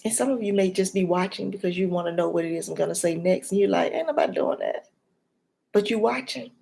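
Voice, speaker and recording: A woman's voice: on the low side, fast, gravelly. Woman giving a dramatic motivational talk. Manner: preacher-like, swings between whispers and loud emphasis; addresses the viewer directly. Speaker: life and health coach.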